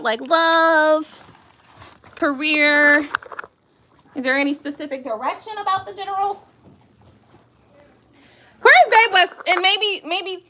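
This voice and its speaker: A woman's voice: sits high, bright, forceful tone, a little hiss or hum. A middle-aged woman reading tarot on a live stream, chatting casually in slang and laughing often.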